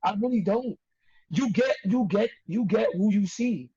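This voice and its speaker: A man's voice: high voice, measured pace, mellow, husky. A young man, a wrestler talking as a podcast guest in a streetwise, emphatic way, repeating himself for effect. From New York. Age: young adult. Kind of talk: casual podcast interview. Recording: dull lo-fi audio.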